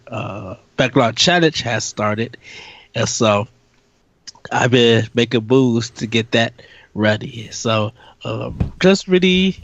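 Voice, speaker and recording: A man's voice: mid-range voice, dull audio. Stuffy-sounding man co-hosting a podcast. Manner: repetitive and excitable. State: stuffy from a cold. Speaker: podcast co-host. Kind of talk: casual podcast chat.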